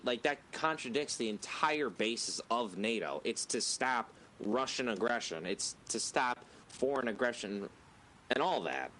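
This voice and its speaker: A man's voice: mid-range voice, lively intonation, normal speed, pushed and bright, slight background noise. A young man in casual political chat, rambling and hesitant, restarting his sentences often. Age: young adult.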